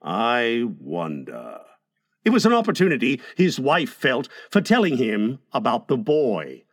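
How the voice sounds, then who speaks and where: A man narrating a classic novel as an audiobook, telling the story expressively with lively emphasis. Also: mid-range voice, normal speed, no echo, clean studio sound.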